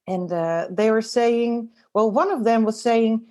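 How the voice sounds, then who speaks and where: A woman's voice: on the high side, mellow. Hesitant Dutch-raised woman guest. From Netherlands. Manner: thoughtful, hesitant, many ums and pauses. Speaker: interview guest, designer. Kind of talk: casual conversational interview.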